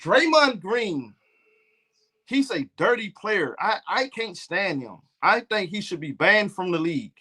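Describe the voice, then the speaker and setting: A man from Alabama with a Southern accent, mocking a prim, over-polished basketball analyst in a slow, stiff, proper delivery. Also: sits high, very animated, pushed and bright, slightly rough, full character voice. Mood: mock-formal.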